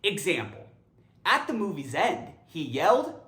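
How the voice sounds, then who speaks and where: A woman's voice: lowish voice, sing-song, unhurried. A woman teaching English grammar, upbeat and emphatic in a teacherly way. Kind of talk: educational explainer. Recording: echoey room.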